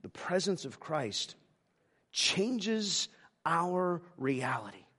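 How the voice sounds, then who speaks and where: A male pastor preaching a sermon, halting with many restarts, moving between emphatic lines and hushed ones. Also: on the high side, sing-song, breathy edge.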